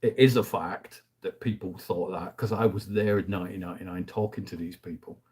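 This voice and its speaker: Chatty husky man. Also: deep voice, fairly even intonation, brisk. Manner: rambling, chatty, enthusiastic, trails off quietly. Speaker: host, film reviewer. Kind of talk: casual chat.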